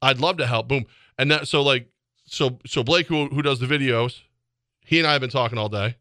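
A man co-hosting a sports radio show in casual banter, telling stories animatedly and jumping into high voices to quote people. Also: moderate pace, no room sound, clean studio sound. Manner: animated storyteller, jumps into high voices when quoting people.

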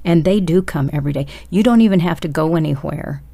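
A woman's voice: low-pitched, fast talker, gravelly, mellow. A woman preaching a sermon, urging her listeners on with emphatic, direct appeals. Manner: urgent, emphatic exhortation addressed straight to listeners.

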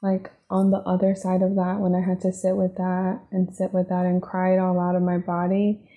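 A woman's voice: on the low side, monotone, moderate pace, mellow. A woman hosting a podcast, talking through her personal struggles in a reflective, confessional monologue, emotional and leaning on fillers like "like" and "right?". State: emotional, near tears. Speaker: podcast host.

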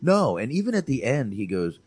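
A man co-hosting a casual movie chat, animated, swearing and repeating himself for emphasis. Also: mid-range voice, fairly quick, husky. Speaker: podcast co-host.

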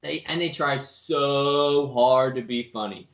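A man's voice: mid-range voice, slow pace, creaky. A man co-hosting a podcast in casual, sarcastic banter. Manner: sarcastic, mocking. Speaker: podcast co-host. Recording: roomy, dull lo-fi sound.

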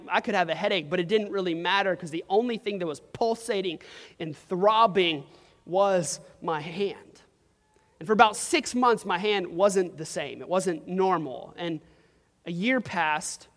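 High-voiced young preacher. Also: male voice. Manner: casual storytelling with frequent "like" and "um". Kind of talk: sermon. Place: church hall. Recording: long reverb of a hall.

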